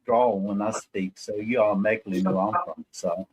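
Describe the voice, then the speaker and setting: A man's voice: on the low side, steady tone, brisk, slightly rough. A man with a Southern US drawl, speaking earnestly in a casual group chat. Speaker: guest.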